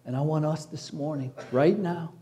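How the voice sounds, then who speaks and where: A man from Chicago preaching a sermon to his congregation, dropping to soft, hushed passages and rising to loud, exclaiming peaks. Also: on the high side, moderate pace. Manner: preacherly, addresses congregation as church. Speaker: pastor.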